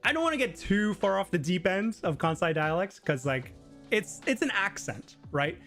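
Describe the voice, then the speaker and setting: A man hosting a live teaching stream talks through his points in a loose, chatty way, leaning on lots of filler words. His voice sits a little on the high side. Faint music plays behind him. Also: lively intonation, normal speed, a bit bright. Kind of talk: casual live Q&A explanation. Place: living in Japan.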